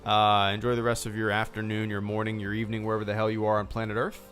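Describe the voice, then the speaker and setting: A man's voice: fairly low pitch, completely flat delivery, quick pace, fairly bright tone, faint music behind. A man hosting a live stream, chatting casually in a rambling, laid-back way and swearing now and then. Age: adult, a father.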